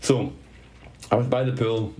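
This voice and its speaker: A man's voice: medium pitch, steady tone, measured pace, darkish tone. A man telling a story in a casual chat, swearing, laughing and mocking himself. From Scotland.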